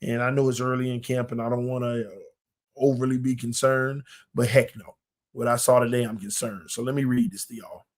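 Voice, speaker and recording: A man's voice: mid-range voice, fairly even intonation, brisk. A man hosting a casual sports podcast, breaking down plays in an emphatic, colloquial way and repeating points for effect.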